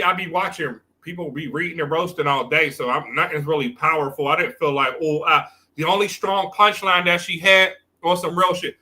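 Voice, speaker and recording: Profane, sharp-toned male streamer. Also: sits high. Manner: profane, blunt trash talk; rambling, repeats himself. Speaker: livestream host. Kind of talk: unscripted stream commentary.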